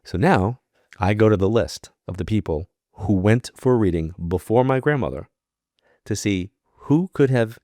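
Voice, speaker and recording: Low-voiced man telling a lively story. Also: moderate pace, no echo, studio quality. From New York. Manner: animated storyteller acting out quoted dialogue. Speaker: podcast guest, psychic medium. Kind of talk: casual storytelling.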